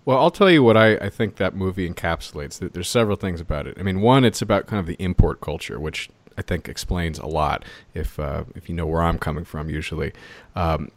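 A man in his thirties co-hosting a podcast, talking in an animated, opinionated way. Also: low voice, fairly quick, dry recording. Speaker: podcast co-host. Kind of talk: casual opinionated chat.

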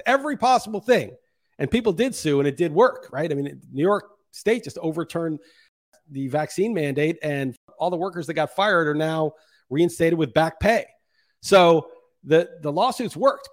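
Middle-aged male podcast host, high-pitched, heated and profane solo monologue. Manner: impassioned, ranting, profane.

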